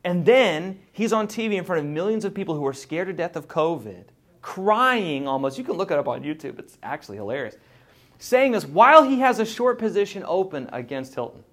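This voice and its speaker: A man preaching a sermon in an animated, conversational way, acting out voices as he teaches. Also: sits high, a little fast. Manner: animated, mimics voices, laughs.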